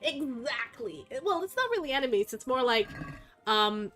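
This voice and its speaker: A woman's voice: high-pitched, big pitch swings, normal speed, sharp tone. A woman streamer with a Russian accent, a native Russian speaker, chatting casually while she plays, rambling and swearing freely. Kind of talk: casual chat while gaming.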